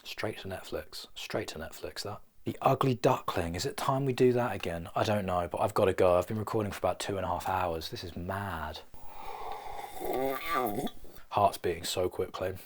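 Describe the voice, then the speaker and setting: A man's voice: sits low, brisk, few pauses. Rambling man vlogging jokily. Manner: rambling, playful and self-mocking. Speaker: filmmaker vlogger. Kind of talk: comedic vlog monologue.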